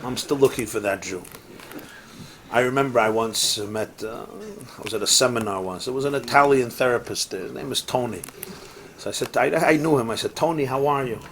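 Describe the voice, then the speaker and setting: A man, a rabbi, teaching a Torah class in a lively, sing-song lecture style, mixing in Hebrew and Yiddish phrases, asking rhetorical questions and cracking jokes. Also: mid-range voice, fairly quick, a little hiss or hum. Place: synagogue study hall, live class.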